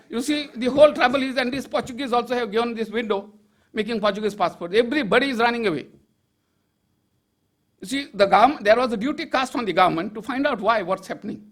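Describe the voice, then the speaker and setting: An older man delivers a public speech in a strikingly high voice. He argues emphatically and rhetorically and slips in dry, joking asides. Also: fast. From Goa, India. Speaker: public speaker. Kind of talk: political speech to an audience.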